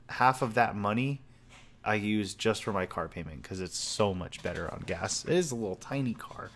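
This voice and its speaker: A man's voice: lowish voice, fairly bright tone. Rambling young man in a home office. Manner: rambling, sincere, loose and talky. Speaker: vlogger. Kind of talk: casual personal video message.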